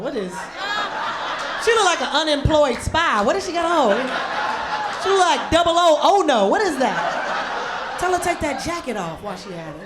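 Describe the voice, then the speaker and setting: A woman doing a stand-up comedy set on a club stage, loose and streetwise, breaking into loud mocking voices. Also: high-pitched, lively intonation, moderate pace. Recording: roomy club sound with audience noise. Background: audience laughter.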